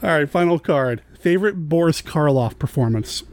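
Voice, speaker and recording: A man's voice: a little high, animated, normal speed, no room sound. A man hosting a podcast, talking in a friendly, upbeat way. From United States. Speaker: podcast host. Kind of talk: casual chat.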